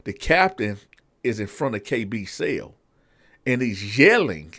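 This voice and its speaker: A man's voice: medium pitch, very animated, a little slow, a bit bright. A man and show host telling a prison story in a casual, slangy way, speaking straight to his listeners.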